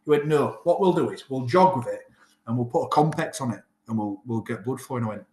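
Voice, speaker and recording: Speaking at a fairly quick clip in a medium-pitched voice, a Yorkshire-accented rugby player in his thirties recounts his story during a relaxed interview. He's lively and performs the quoted dialogue of others, and the room gives the audio an echo.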